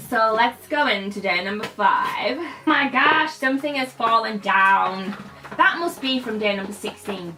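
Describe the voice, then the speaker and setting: British woman, young, bright and sharp voice, casual beauty chat, faint music behind. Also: fairly high pitch, very animated, measured pace. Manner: chatty, playfully shifts her accent. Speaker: beauty vlogger.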